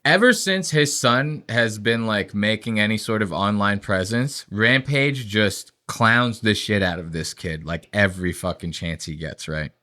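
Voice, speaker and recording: A man's voice: fairly low pitch, measured pace, hardly any pauses. A young man co-hosting a podcast, rambling and profane in casual chat. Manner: profane, rambling storytelling with animated impressions. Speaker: podcast co-host.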